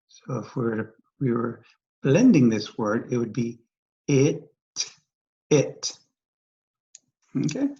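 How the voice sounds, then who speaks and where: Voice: medium pitch, a little mellow, muffled recording. A teacher giving a recorded phonics lesson, speaking patiently, repeating each word and asking the listener questions. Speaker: dyslexia teacher.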